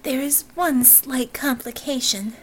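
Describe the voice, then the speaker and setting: A woman's voice: sits high, a little slow, breathy edge, pitched above the performer's own voice, low-quality recording. A woman voicing a haughty young blonde heiress who speaks in a prim, formal, disdainful way.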